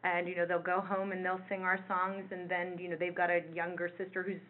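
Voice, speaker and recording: A woman's voice: on the low side, completely flat delivery, brisk, a little hiss or hum. A woman choir director explaining singing technique in a webinar, talking with frequent fillers. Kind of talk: webinar presentation. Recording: phone-like narrow band.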